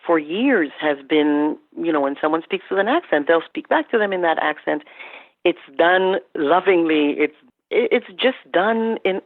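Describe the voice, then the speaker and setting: Woman from Canada, podcast guest, animated storyteller, gravelly edge, tinny phone-line sound. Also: sits low, no room sound. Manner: animated storytelling, quoting herself and clients. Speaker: guest expert on workplace incivility. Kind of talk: podcast interview.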